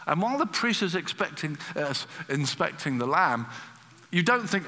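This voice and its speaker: A man preaching a sermon, a lively storyteller who acts out the voices he quotes. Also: fairly high pitch, normal speed, big-room sound.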